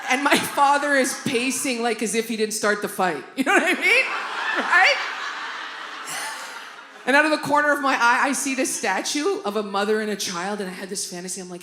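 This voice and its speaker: A woman's voice: on the high side, a little fast, noisy background. A woman doing a stand-up comedy set in a live theatre, telling brash, profane stories and acting out the people in them. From Canada. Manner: brash, profane, animated storytelling with acted-out quotes. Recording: echoey theatre with audience laughter.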